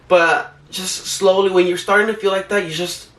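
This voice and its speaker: A young man gives heartfelt advice in a rambling, earnest way with lots of "like" fillers. His voice sits high and sounds bright. The room is echoey and the mic is a little far off. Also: fairly even intonation, moderate pace. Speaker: vlogger. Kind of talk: casual heartfelt advice talk.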